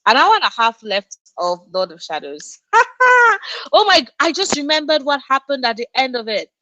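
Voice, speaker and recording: A woman's voice: high voice, sing-song, a little fast, pushed and bright, no echo, rough recording. A young woman from Nigeria hosting a casual book livestream, reading the chat aloud and gushing back at her viewers. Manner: effusive, reads out chat and gushes, frequent laughs. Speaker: booktube livestream host.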